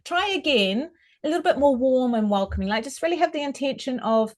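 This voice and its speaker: A woman talks as a vocal coach in a podcast interview. She explains clearly and carefully, and she shows each point by demonstrating how a voice can sound. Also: sits high, expressive, a little fast, darkish tone. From New Zealand. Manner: articulate, instructive, demonstrates vocal tones.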